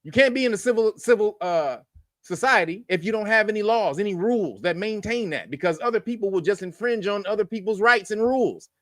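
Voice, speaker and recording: A man's voice: high-pitched, expressive, a little fast, a bit bright, no room sound, studio quality. A man hosting a news commentary show, blunt and profane, lecturing his viewers. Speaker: host.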